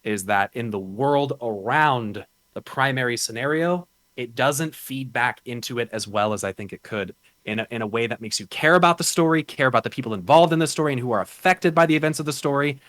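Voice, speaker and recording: A man's voice: medium pitch, a little fast, few pauses, fairly bright tone, no room sound. A man chatting casually as a podcast guest and game streamer, rambling and swearing freely. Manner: rambling, loose and profane, with many restarts.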